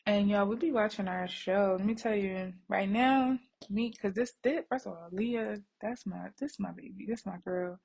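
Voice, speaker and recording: A woman's voice: medium pitch, normal speed, gravelly, darkish tone, breathy edge. A woman vlogging at home while she braids her daughter's hair, chatting to viewers in a rambling, easygoing way and calling them y'all. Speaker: vlogger and mother. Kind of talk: casual chat to viewers. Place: home, working on a bed.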